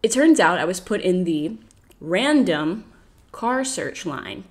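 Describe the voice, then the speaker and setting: On a podcast, an American woman tells a travel story in a casual, animated way, laughing often and acting out the people she quotes. Her voice is lowish and her pace slow.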